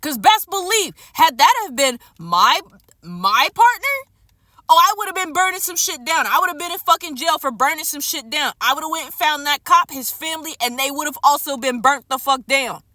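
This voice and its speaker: Furious woman ranting, high bright voice. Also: expressive, moderate pace, no room sound, studio quality. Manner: furious, profane and emphatic; repeats phrases for stress. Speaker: streamer and vlogger. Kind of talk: unscripted angry rant to camera.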